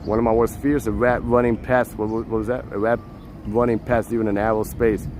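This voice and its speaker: A man live-streaming as he walks a city street outdoors, chatting to viewers in a relaxed way and laughing often, on a handheld phone. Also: fairly low pitch, fairly quick, slight background noise. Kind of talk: walking live-stream chat.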